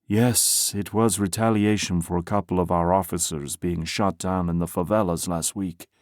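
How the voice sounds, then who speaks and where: A man's voice: low voice, fairly even intonation, moderate pace, no echo, studio quality, close to an everyday voice. A man doing a tired, blunt police chief. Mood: grim. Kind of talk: audiobook character voice.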